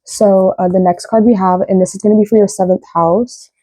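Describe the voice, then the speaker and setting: A woman's voice: mid-range voice, fairly even intonation, a little fast, warm tone, no room sound. A young woman giving a casual, rambling tarot reading, often tagging her sentences with "right?". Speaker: tarot reader.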